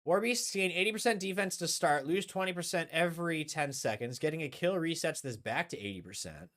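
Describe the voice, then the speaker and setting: A young man streaming a game live, chatting casually and thinking aloud, often trailing off quietly. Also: on the high side, animated, a little fast.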